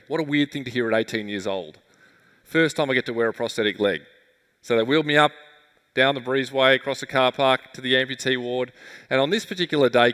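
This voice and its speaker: A man's voice: medium pitch, fairly bright tone. An Australian man telling a vivid, emotional personal story as a keynote speaker at a conference. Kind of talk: storytelling talk on stage. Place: large conference hall. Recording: reverberant conference hall.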